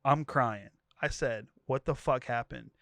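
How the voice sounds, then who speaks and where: A man's voice: mid-range voice, a little slow, vocal fry, no room sound. A podcast co-host reading a wild tweet thread aloud, laughing as he goes and giving each character's lines a voice. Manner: animated storytelling, laughing between lines.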